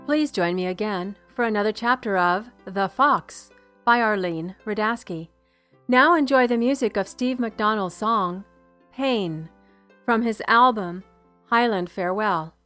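A woman reading her own novel aloud as a podcast author and narrator, in a soft, subdued way. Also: mid-range voice, unhurried, soft background music.

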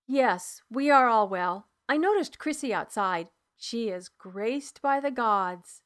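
A strong and kindly clanswoman speaks softly in this storybook voice, read by a woman. Her manner is gentle and steady, her pitch a touch high. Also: slow pace. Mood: friendly. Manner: gentle, soft-spoken.

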